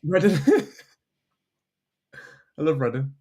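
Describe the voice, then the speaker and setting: A man's voice: on the high side, sing-song, dark tone. A man with a Geordie accent chatting casually and teasing his co-host on a livestream. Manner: jokey, teasing, quick asides. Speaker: performer co-hosting a livestream. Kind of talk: casual chat.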